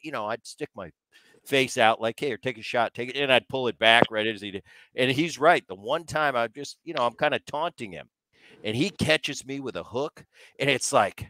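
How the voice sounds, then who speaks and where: Bright-voiced man, animated storytelling host. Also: medium pitch, dry recording. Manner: animated storyteller, acting out quotes. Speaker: podcast host. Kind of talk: casual storytelling chat.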